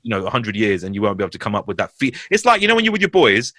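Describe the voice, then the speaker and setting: A man with a London accent talks quickly in a bright voice, spinning animated, slangy anecdotes and swearing freely. It is a casual podcast chat with a dry, close sound. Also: on the low side, no echo. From West London. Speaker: podcast guest.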